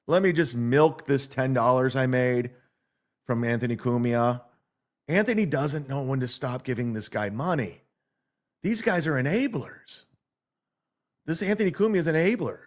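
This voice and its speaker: A man's voice: mid-range voice, lively intonation, moderate pace, long pauses. A man hosting a livestream, ranting in a mocking, sarcastic way and reading viewer donations aloud. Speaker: livestream host.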